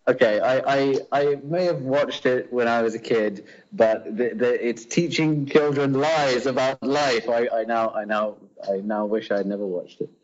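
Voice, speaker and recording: A man's voice: medium pitch, measured pace, few pauses. A man co-hosting a podcast, making dry, wry remarks and stumbling over his first words. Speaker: podcast co-host. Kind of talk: casual chat. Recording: dull lo-fi podcast audio.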